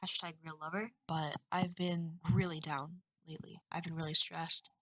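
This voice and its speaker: Woman, 20s, low voice, bright tone, dry room, webcam vlog, rambling and candid. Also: flat delivery, normal speed, no echo, low-quality recording. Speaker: vlogger.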